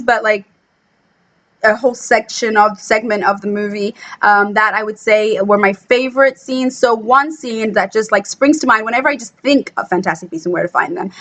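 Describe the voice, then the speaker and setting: A woman chatting casually in a film review vlog, gushing and excitable, full of "like" fillers, acting out quotes with sudden squeals. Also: poor audio. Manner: acts out quotes with sudden high squeals and whispers. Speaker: book blogger reviewing a film. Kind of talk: casual chat.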